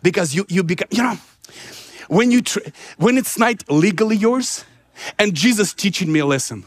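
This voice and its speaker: A man's voice: high-pitched, expressive, moderate pace. A man preaching a personal testimony sermon, telling his story animatedly, acting out dialogue and laughing often.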